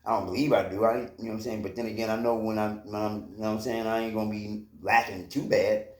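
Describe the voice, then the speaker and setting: A man's voice: fairly low pitch, flat delivery, quick pace. A man casually telling a personal story from his own life, rambling, with lots of fillers and swearing. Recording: roomy echo.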